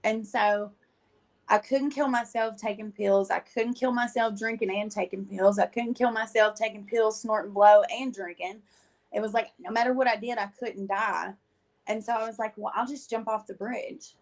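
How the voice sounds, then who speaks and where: A woman's voice: medium pitch, steady tone, normal speed. A woman, a guest in an interview, telling her personal testimony in a blunt, slangy and emotional way.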